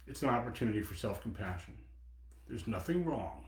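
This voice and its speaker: A man in his seventies giving a dharma talk as a Buddhist teacher, reflective, pausing and personal. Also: fairly low pitch, sing-song. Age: 70s. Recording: echoey meeting room.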